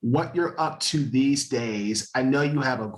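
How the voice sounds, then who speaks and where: A man hosting a podcast interview who asks quick, direct questions. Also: medium pitch, low-quality recording. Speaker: podcast host.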